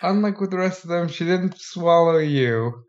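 Slightly high male podcast co-host, eager and chatty, dull lo-fi sound. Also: expressive, moderate pace, a little mellow. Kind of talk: casual wrestling chat.

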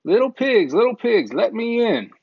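A man's voice: high voice, big pitch swings, moderate pace, vocal fry, slightly rough, pitched above the performer's own voice, exaggerated voice. A man voicing a sly, blustering big bad wolf in a storybook reading, stretching out his huffing threats. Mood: squeaky fake. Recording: dull lo-fi recording.

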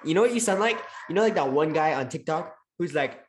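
A person in a casual chat who reacts with dramatic, excitable exclamations. The voice swings widely in pitch around a mid level. Faint noise sits under the voice. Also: fast. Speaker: friend in a chat.

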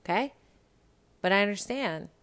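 A woman hosting a podcast in casual chat, animated and profane, talking straight to her listeners about reality TV. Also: mid-range voice, normal speed, clean tone. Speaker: podcast host.

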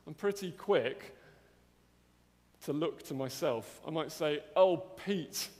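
A man's voice: fairly high pitch, animated, takes it slowly. A man preaching a sermon in an earnest way, often asking his listeners questions like "isn't it?". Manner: earnest, with tag questions to the congregation. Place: church hall. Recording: long church-hall reverb.

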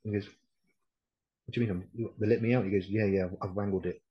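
A man's voice: fairly low pitch, fairly even intonation, moderate pace, highs cut off. A middle-aged man, a military veteran, telling his story bluntly in a casual interview, with plenty of swearing. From United Kingdom. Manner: blunt, sweary, quotes others as he tells it. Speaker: podcast guest, decorated RAF Regiment veteran.

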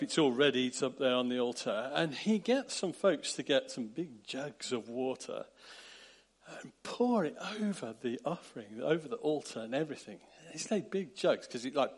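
A man delivers a sermon with a slightly higher-than-average voice. He tells the story in a lively, animated way and acts out the characters' lines with sudden loud bursts. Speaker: preacher.

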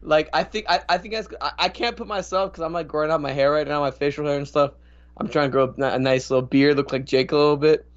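A man co-hosting a casual soccer podcast, telling rambling, animated stories. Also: fairly high pitch, fast talker, lo-fi sound. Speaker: podcast co-host. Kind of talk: casual chat.

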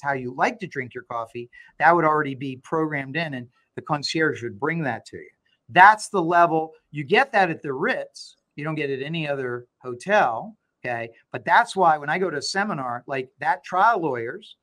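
A middle-aged man, a law firm owner, talking as an interview guest and telling stories with animated, acted-out dialogue. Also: a little high. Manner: animated storyteller, acts out quoted dialogue. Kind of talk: conversational interview.

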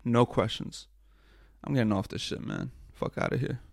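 A man's voice: medium pitch, normal speed, gravelly, no room sound. A young man hosting his own podcast over a livestream, talking casually, swearing and mocking himself. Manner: frustrated, profane, self-mocking. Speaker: podcast host.

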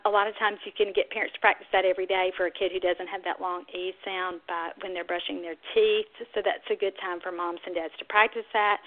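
A woman talks through techniques for helping toddlers speak, in a calm, explanatory instructional podcast manner. Her voice sits at an ordinary middle pitch. The sound is thin and tinny, like a phone line. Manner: explains steadily, then bursts into high sing-song demonstration sounds. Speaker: speech-language pathologist host.

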